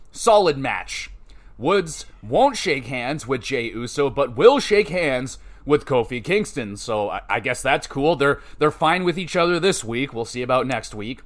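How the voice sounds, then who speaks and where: A man's voice: mid-range voice, a bit bright. Chatty man recapping wrestling. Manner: chatty, recaps matches and gives scores with offhand asides. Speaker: podcast host.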